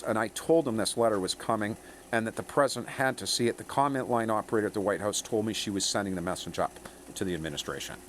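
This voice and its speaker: A man's voice: lowish voice, slight background noise. A man in a rambling monologue to viewers, emphatic and checking in with "okay?" and "eh?". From Canada.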